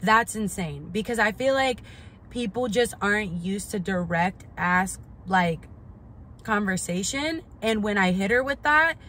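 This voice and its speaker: A woman's voice: medium pitch, expressive, measured pace, sharp tone, a little hiss or hum. A young woman telling a storytime vlog story in a blunt, profane way, full of "like" and "literally", sounding indignant and incredulous. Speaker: vlogger.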